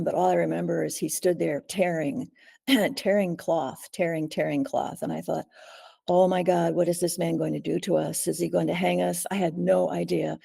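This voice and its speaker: An older woman, a guest in an interview, recounting a frightening ordeal slowly and steadily, often pausing to clear her throat. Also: lowish voice, warm tone. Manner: measured, frequent throat clearing. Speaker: guest, author.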